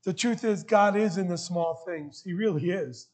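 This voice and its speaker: High-voiced man preaching with emotion. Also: normal speed, a little mellow. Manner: emotional, earnest preaching with rising emphatic questions. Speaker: pastor. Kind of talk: sermon. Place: church sanctuary.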